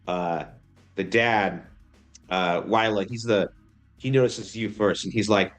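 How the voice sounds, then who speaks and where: A man's voice: on the low side, fairly even intonation, takes it slowly, pauses often, faint music behind. A man narrating a tabletop game as game master, rambling with many fillers.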